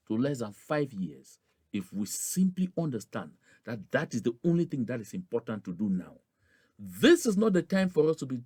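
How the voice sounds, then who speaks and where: Man, activist speech, emphatic and repetitive, very lively pitch, dry close sound. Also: husky, no echo. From Southern Cameroons (Anglophone Cameroon). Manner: emphatic, repetitive oratory with rising stressed phrases. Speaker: political activist addressing followers. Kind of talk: rallying political address.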